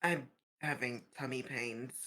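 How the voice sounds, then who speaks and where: Friendly woman player chatting, bright voice, easygoing. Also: a bass voice, a little slow. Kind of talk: casual chat.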